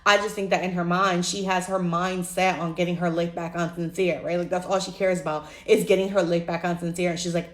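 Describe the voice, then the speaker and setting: Young woman talking fast and blunt about reality tv, swears a lot, acts out quotes, roomy echo. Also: lowish voice, level tone. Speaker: reality TV commentator. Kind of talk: casual opinion rant to camera.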